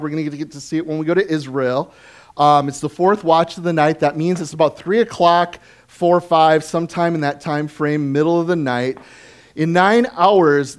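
A pastor preaching a sermon in an animated way, asking the congregation questions and chuckling often. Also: male voice, fairly high pitch.

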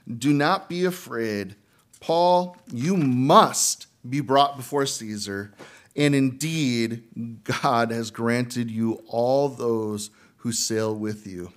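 A man preaching as pastor, talking to the congregation in a casual, conversational way and asking them questions. He sometimes acts out panicked figures from the story in a strained high voice. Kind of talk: sermon.

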